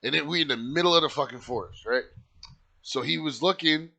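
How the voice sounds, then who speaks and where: Man with a sharp, bright voice telling a story. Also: fairly high pitch, a little fast, gravelly. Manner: casual, profane, full of "like" fillers. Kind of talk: casual spoken storytelling.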